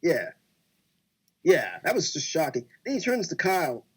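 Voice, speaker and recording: A man co-hosting a casual wrestling podcast, talking excitedly and acting out his own reactions as he recaps a show. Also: a little high, normal speed, slightly rough. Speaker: podcast co-host.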